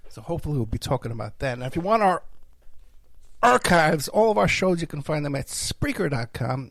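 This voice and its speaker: A man hosts his own podcast and rambles through plugs and stories. He is full of fillers and self-deprecating asides. His voice is gravelly and close in a dry, dead-sounding recording, and he sounds tired and under the weather. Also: a little high, sing-song, normal speed, no room sound. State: tired, feeling unwell. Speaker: podcast host and private investigator. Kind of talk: rambling solo podcast talk.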